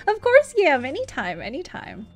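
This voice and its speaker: Giggly young woman streaming a game, kinda high voice, reads the lines out loud, faint music behind. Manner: chatty, reads game dialogue aloud, giggly. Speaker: VTuber streamer. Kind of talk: casual live-stream gameplay chat.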